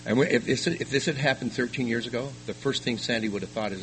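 An older man giving a personal testimony at a recovery meeting, telling his story haltingly with frequent restarts. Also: mid-range voice, a bit bright, slight background noise, poor audio. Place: meeting room.

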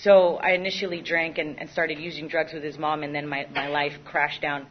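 A young woman in recovery shares a frank, self-deprecating testimony, frequently halting and restarting sentences. Her low voice stays level at a normal speed, captured in dull lo-fi audio.

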